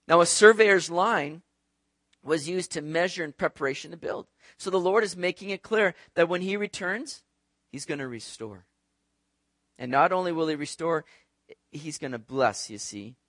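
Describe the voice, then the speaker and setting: A man, a pastor, preaching a sermon in an animated, conversational way, with frequent rhetorical asides to the congregation. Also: on the high side, normal speed, no room sound, clean studio sound.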